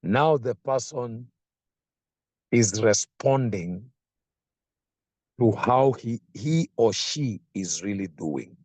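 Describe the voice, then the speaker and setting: A man preaching a sermon, slow and emphatic, repeating phrases for effect. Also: medium pitch, animated, darkish tone, no echo.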